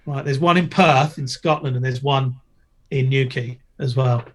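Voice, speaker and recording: A man's voice: medium pitch, normal speed. A middle-aged man in a casual podcast chat, telling stories with a joking, playful manner. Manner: jokey, storytelling, loud impressions when quoting. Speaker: guest, former TV presenter and skater.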